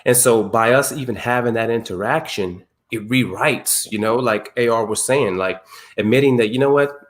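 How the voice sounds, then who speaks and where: A man's voice: medium pitch, normal speed. An emphatic man hosts a men's circle over a video call. He speaks casually with slang in an everyday mid-range voice. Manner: emphatic, slangy, personal storytelling. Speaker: circle host. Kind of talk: casual group talk.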